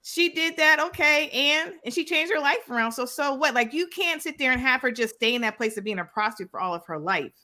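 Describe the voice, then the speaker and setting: A woman's voice: sits high, expressive, fairly quick, hardly any pauses, sharp tone. A woman on a remote call as a panel guest, firm and insisting on finishing her point in a heated debate. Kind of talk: heated live-stream debate.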